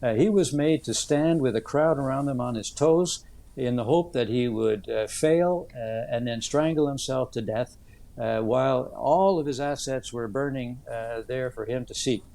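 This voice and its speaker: A man in his seventies, an author answering interview questions in an earnest, thoughtful way, with many "uh" pauses as he tells stories. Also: mid-range voice, vocal fry, mellow. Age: 70s.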